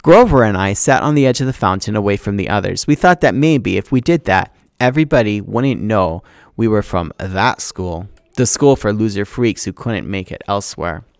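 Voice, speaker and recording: A man's voice: lowish voice, normal speed, vocal fry, clean tone, dry recording, studio quality. Man teacher reading a novel aloud. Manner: expressive, acting out the dialogue.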